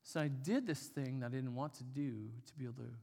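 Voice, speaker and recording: A man's voice: medium pitch, brisk. A man preaching a sermon, telling a personal story in a casual, conversational way with fillers. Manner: conversational, with fillers and animated retelling. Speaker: pastor. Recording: long hall reverb.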